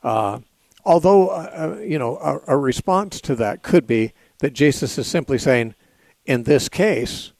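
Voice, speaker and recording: A man hosting a call-in radio show and answering Bible questions in a measured, explanatory way, often pausing with "uh" and "you know". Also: a little high, expressive, creaky, darkish tone, no echo.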